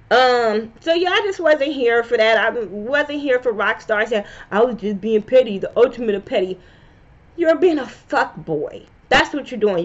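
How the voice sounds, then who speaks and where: A woman, reviewing reality TV in a blunt, profane, animated rant. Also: on the high side. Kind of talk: casual opinion vlog. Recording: slightly dull lo-fi sound.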